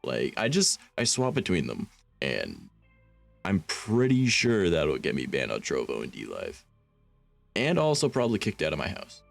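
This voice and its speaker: A man's voice: a bass voice, wildly swooping pitch, normal speed, gravelly, faint music behind. A man streaming, reading fanfiction aloud and rambling about it with wry, self-mocking asides.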